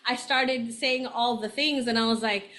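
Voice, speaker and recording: A woman's voice: a little high, steady tone, measured pace, pushed and bright. A woman giving a casual astrology forecast in a chatty way, often tagging "right?" and laughing, tired and a little nauseous. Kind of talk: casual monthly forecast talk.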